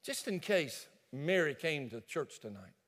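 Male pastor, sermon, animated storytelling, high voice, long hall reverb. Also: measured pace. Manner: animated storytelling, addresses listeners directly.

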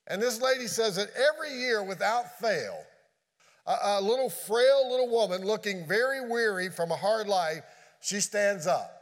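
A man preaching a sermon as pastor, earnest, dropping low and quiet on key phrases. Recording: long hall reverb.

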